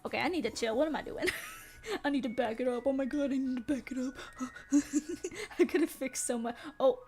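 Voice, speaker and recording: A woman's voice: high-pitched, a little fast, mellow, faint music behind. A young woman streamer chatting casually, rambling and giggling between her sentences. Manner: giggly, rambling, laughs often. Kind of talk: casual live-stream chat.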